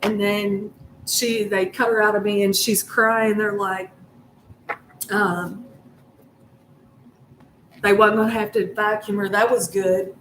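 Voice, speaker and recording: Woman, casual chat, rambling and profane, slow drawn-out delivery. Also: medium pitch, level tone, a bit bright, a little hiss or hum, rough recording. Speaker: storyteller. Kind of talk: casual personal storytelling.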